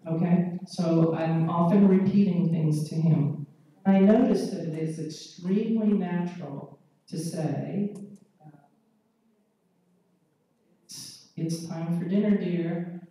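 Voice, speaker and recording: A woman pediatrician giving a measured, explanatory conference lecture and often checking in with the audience. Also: on the low side, dark tone. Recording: echoey hall, mic far off.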